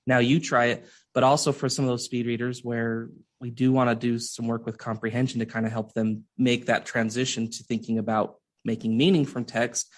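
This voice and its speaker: A man's voice: medium pitch, flat delivery, brisk. A man discussing reading instruction as a podcast guest, earnest and thinking aloud with frequent restarts. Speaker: literacy researcher guest.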